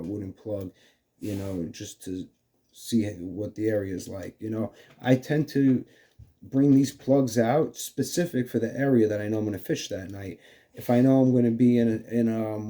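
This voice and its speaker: Here a man with a lowish, dark-toned voice hosts a fishing channel. Speaking in a New York accent, he casually demonstrates lures and rambles, leaning heavily on fillers such as "you know."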